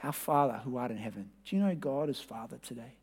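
A man preaching a sermon as pastor, talking conversationally and directly to his congregation, sometimes pressing hard and sometimes dropping to a hush. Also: mid-range voice, lively intonation, fast talker, creaky, slightly rough.

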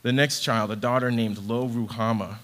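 A man's voice: medium pitch, steady tone, moderate pace, fairly bright tone. A young adult man preaching a sermon in a conversational, earnest way, with casual fillers. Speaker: ministry associate director preaching.

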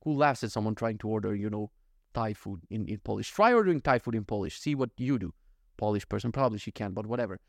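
A man's voice: on the low side, lively intonation, quick pace, vocal fry, dry recording, clean studio sound. A man hosting a casual solo podcast, rambling and joking, swearing freely and acting out little scenes. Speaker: podcast host.

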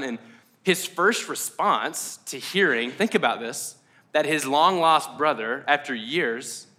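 Bright high-voiced male pastor. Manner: casual and animated, many likes and ums. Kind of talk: conversational sermon. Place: church service.

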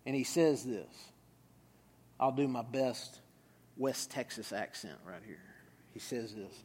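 A man's voice: medium pitch, takes it slowly, a little mellow, slightly rough. A man preaching a sermon as pastor, in a conversational storytelling manner with some fillers. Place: large church hall. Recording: reverberant hall.

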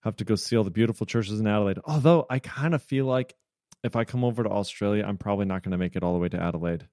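Casting: American man, lowish voice, rambling podcast banter, dry close mic. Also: racing, dark tone, dry recording. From United States. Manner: chatty, rambling, many filler "like"s. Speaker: podcast co-host. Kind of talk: casual podcast chat.

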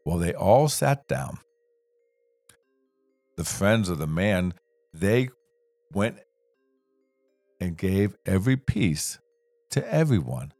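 A man telling a children's story in a gentle, unhurried, expressive way. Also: deep voice, no echo, soft background music.

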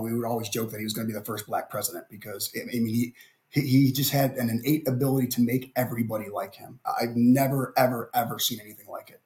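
Middle-aged man telling a story animatedly. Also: medium pitch. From Ohio, USA. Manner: animated storyteller, stammering restarts. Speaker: guest. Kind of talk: conversational interview.

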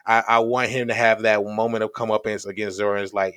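A man with a lowish voice talks on a podcast in a relaxed, slangy way. He recaps excitedly and often breaks into laughter. His voice sounds dry and close, with no room around it. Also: fast, smooth, no echo. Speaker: podcast co-host. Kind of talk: casual chat.

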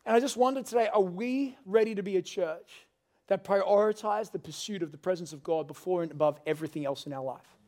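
A man's voice: high voice, moderate pace, pauses often, a little mellow. A male pastor, preaching a sermon in an earnest, conversational storytelling manner.

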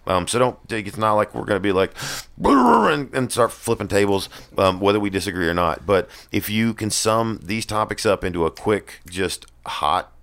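A man's voice: on the low side, animated, normal speed, vocal fry, hardly any pauses, fairly bright tone. A man hosting a casual podcast chat, rambling and self-deprecating, laughing at his own jokes. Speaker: podcast host.

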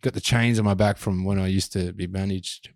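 A man co-hosting a podcast, talking in a relaxed, laid-back way with casual swearing. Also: sits low, fairly quick, creaky, no room sound, studio quality. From Australia. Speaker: podcast co-host and musician.

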